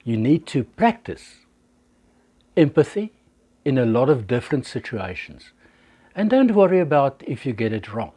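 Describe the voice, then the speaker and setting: A man's voice: medium pitch, sing-song, moderate pace, pauses often, dark tone, husky. A man, teaching social skills in a talk to camera and acting out little example dialogues. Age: 60s. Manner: illustrates with acted examples. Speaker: life coach.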